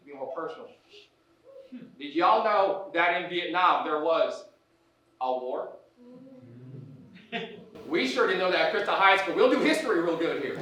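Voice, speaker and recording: A man playing a clueless, over-friendly male high school principal with a Southern drawl, hearty and booming. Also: sharp tone, a little hiss or hum. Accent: Southern US put-on. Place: live theater stage. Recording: echoey stage from a distance.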